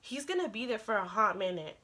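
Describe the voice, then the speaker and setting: Young female vlogger, chatty storyteller who acts out quotes, mid pitch. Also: sing-song, a little fast, pushed and bright. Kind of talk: casual storytelling.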